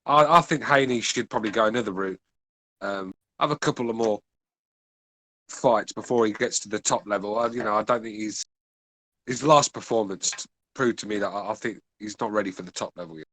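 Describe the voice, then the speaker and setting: A man's voice: lowish voice, fairly quick, fairly bright tone, dry recording, rough recording. Blunt English man in boxing chat. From England. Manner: blunt, swears freely. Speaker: podcast co-host. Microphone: remote call line.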